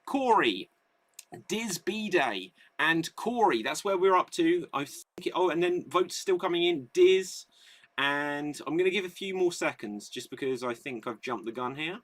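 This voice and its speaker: A man's voice: fairly high pitch, lively intonation, a little slow, fairly bright tone. A man hosting a live online improv comedy show, reading out audience votes and setting up games. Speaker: host.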